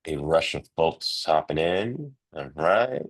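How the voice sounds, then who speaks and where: Male coach host, very low nasal voice, casual and rambling, many "uh"s, heard over a video call. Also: expressive, slow. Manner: chatty, loose, with many fillers and restarts. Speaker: real estate coach hosting a webinar. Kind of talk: live online coaching session.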